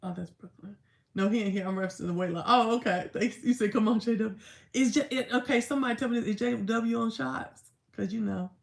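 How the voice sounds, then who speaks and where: A woman's voice: on the high side, fairly quick, vocal fry. A woman in her thirties, chatting casually on a livestream and answering viewers' comments with laughs and asides. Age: 30s. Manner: chatty, laughing, talking back to chat. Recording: echoey room.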